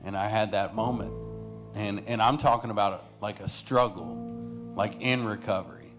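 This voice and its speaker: A man in recovery talks in a slow, reflective way in a documentary interview. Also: fairly low pitch, fairly even intonation. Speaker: person in recovery. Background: guitar music.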